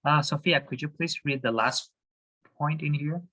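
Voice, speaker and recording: A man's voice: a little high, normal speed, pushed and bright, poor audio. A man teaching a class over a video call, hesitant, with many fillers and restarts. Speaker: Spanish teacher.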